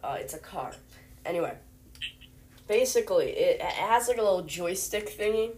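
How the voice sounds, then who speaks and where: A woman's voice: medium pitch, lively intonation, normal speed, a little mellow. A young woman hosting a homemade mock news show, rambling and hesitant, full of fillers. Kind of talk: playful mock newscast.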